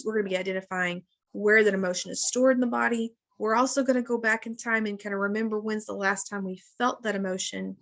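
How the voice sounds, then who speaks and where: A woman in her thirties leads a relaxed live wellness class over a video call. She talks in a chatty, friendly way and keeps turning to her listeners as guys. Her mid-pitched voice carries a steady gravelly fry. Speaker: wellness session leader. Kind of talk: casual live teaching session.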